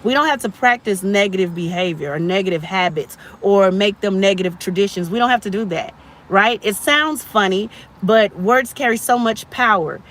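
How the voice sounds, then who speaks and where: A woman's voice: medium pitch, moderate pace, a bit bright. A woman in her thirties hosting a motivational live stream, preachy and encouraging, repeating phrases for emphasis.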